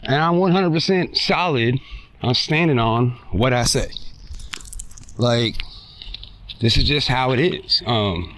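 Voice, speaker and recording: A man's voice: medium pitch, slow, pauses often, fairly bright tone. Blunt, profane man ranting outdoors. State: out of breath. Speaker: podcast host. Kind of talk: ranting monologue. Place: outdoors at a park while walking a dog. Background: faint traffic and kids.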